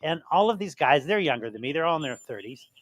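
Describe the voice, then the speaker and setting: An older man talks with a slightly raised pitch, easy and chatty, as he hosts an advice show. His voice sits close and dry on a studio mic with no room sound at all. He likes to spin a story and act out the lines of the people in it. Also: sing-song, fast talker, fairly bright tone, no echo. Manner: chatty, tells stories with acted-out quotes. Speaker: radio show host giving legal advice. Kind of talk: call-in advice and casual storytelling.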